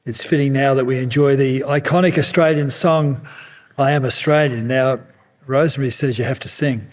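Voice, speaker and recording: A man introducing items at a memorial service in a theatre, gentle and lightly humorous. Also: medium pitch, steady tone, moderate pace. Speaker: master of ceremonies.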